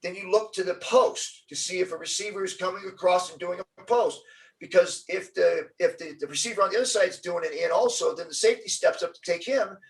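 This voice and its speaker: A middle-aged man telling a story as an interview guest, acting out the quotes with lively energy. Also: high voice, brisk, gravelly, distant mic, rough recording. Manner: animated storyteller, acts out quotes.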